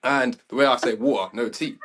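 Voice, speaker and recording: A young man with a British accent hosts a relaxed interview. His voice sits at an ordinary pitch, and he tells animated stories. He laughs easily and often repeats words. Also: fairly quick. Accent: British English. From England. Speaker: podcast host. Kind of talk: casual interview chat.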